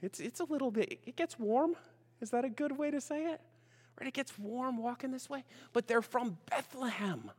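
A man's voice: very high-pitched, moderate pace, husky. A man preaching a sermon as pastor, chatty and full of questions to the congregation, greeting online viewers by name. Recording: long reverb of a large room.

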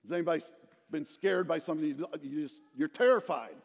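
Middle-aged male preacher, high voice, lively storytelling sermon, hall reverb. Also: a little fast, creaky. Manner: animated storytelling, asks the congregation questions. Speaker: pastor.

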